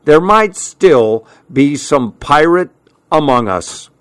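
A man voicing a bossy male captain who shouts orders at a crowd on a beach. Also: fairly high pitch, lively intonation, slow pace, dry recording, pitched above the performer's own voice. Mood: teasing. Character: loud bossy male treasure-dig captain.

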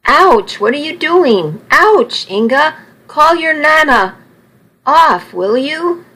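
A woman voicing a polite, kind young man who talks in a gentle, reassuring way. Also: sits high, animated, slow, pitched above the performer's own voice, heavily acted, low-quality recording. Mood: pained. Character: young man, kindly, polite stranger driver.

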